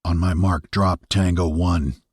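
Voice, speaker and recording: A man voicing a hard male team leader who gives low, terse commands in an audiobook. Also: fairly even intonation, takes it slowly, a bit bright, dry recording, clean studio sound, exaggerated voice.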